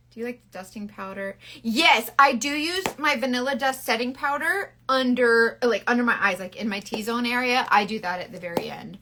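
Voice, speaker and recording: A woman's voice: a little high, fairly quick, hardly any pauses, sharp tone. A woman selling makeup, chatting playfully through a casual live makeup tutorial on a phone and answering viewers as she goes. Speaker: makeup consultant selling cosmetics.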